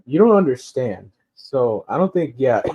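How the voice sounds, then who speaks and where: Casual ranting man, rambling and profane, mellow voice, muffled lo-fi audio. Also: mid-range voice, very animated, measured pace. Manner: rambling, profane, loose delivery with frequent fillers and laughs. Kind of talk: casual rant. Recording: dull lo-fi recording.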